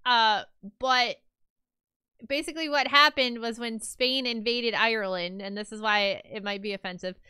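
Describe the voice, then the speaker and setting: Young woman streamer, rambling casual chat, crisp clear voice, dry close sound. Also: fairly high pitch, fairly even intonation, normal speed, bright, forceful tone, no room sound. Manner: chatty, rambling with many fillers.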